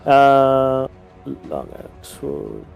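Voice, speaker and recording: A man playing a tabletop game, chatting casually and hesitating over fillers as he describes his turns. His voice sits at a middle pitch, and soft music plays in the background. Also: sing-song, drawn-out words, creaky, clear, resonant tone. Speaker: player.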